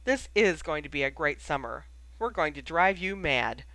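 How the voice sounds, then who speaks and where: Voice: medium pitch, animated, moderate pace, pushed and bright, dry recording. An audiobook reader voicing a cheeky, mischievous teenage boy who teases. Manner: teasing. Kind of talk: audiobook character voice.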